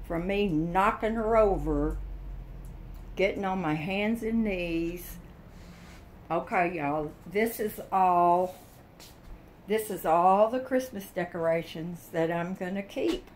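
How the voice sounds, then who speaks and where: An older woman talks to her viewers from her kitchen at a slow, easy pace. She is chatty and folksy, often breaking into exclamations. She sounds tired. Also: lowish voice, a little mellow, slight background noise. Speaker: vlogger. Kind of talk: casual chat to camera. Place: home kitchen.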